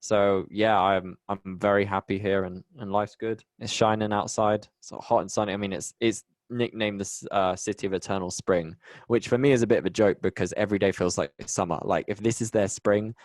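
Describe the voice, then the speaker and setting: Young Bristol-accented man, low-pitched, rambling podcast guest in casual chat, dry sound. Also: fairly even intonation, fairly quick, dry recording. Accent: English, Bristol. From England. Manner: chatty, rambling, many restarts. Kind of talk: casual conversation.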